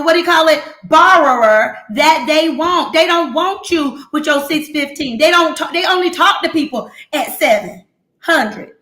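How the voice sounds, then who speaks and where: High bright woman host, talking straight. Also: echoey room. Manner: talks straight and playful, with slang and repeats. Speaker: accountant hosting a business talk show. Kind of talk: lively casual talk.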